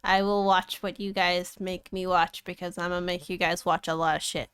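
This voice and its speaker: Smooth-voiced woman in casual podcast chat. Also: on the low side, little pitch movement, normal speed, fairly bright tone, no room sound. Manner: laid-back, swears freely, laughs often. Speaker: podcast co-host.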